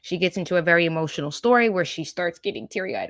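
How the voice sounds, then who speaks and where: A woman's voice: on the low side, fast talker, dry recording, clean studio sound. A woman hosting a political reaction show, scornful and sarcastic as she talks over clips. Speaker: political commentary host.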